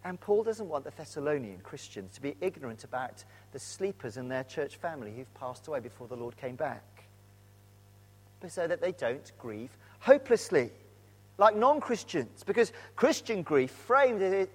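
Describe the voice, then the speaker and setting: A man preaching a sermon, earnest and animated, dropping to a hush at moments. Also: on the high side, normal speed. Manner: earnest, animated storytelling with sudden drops to a hush. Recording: long hall reverb.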